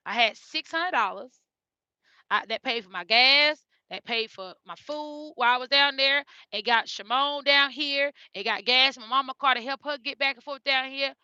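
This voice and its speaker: A woman's voice: sits high, sharp tone, no echo. A woman telling her family's story in an earnest, heartfelt way, often repeating her phrases. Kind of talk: emotional personal storytelling. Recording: dull lo-fi recording.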